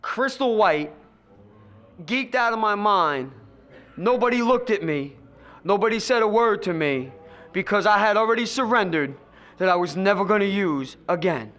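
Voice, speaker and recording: High-voiced, emphatic middle-aged man. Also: lively intonation, normal speed, a bit bright. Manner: emphatic storytelling, repeats phrases for effect; speaks directly to the listener. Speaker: recovery meeting speaker. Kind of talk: personal recovery testimony to an audience.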